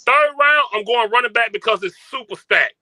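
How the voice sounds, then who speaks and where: A high, very bright male voice, recorded dry and close. He argues emphatically on a casual sports show and leans on stats to make his case. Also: expressive, a little fast, no room sound. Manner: emphatic, argumentative, cites stats.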